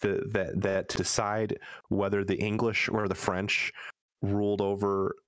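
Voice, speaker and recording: A man's voice: on the low side, little pitch movement, unhurried, clean tone, no echo, studio quality. A man chatting casually as a podcast guest, rambling with many restarts. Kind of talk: casual chat.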